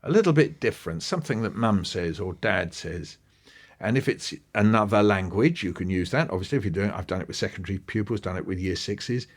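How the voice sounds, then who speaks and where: Lowish-voiced man telling classroom anecdotes. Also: a little fast. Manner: animated storytelling, acting out quoted voices; thinks aloud with restarts and asides. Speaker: guest speaking on education. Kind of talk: relaxed conversational interview.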